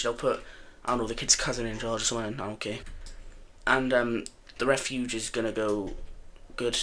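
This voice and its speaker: Over an alternate-history map game, a young man offers casual, rambling commentary in a sharp, medium-pitched voice, with slight background noise. He's chatty and joking, and often revises himself in the middle of a sentence.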